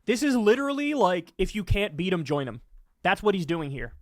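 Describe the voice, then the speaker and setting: A man's voice: sits high, very animated, brisk, no room sound, studio quality. A man hosting political commentary, ranting angrily with lots of swearing. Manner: angry, profane ranting.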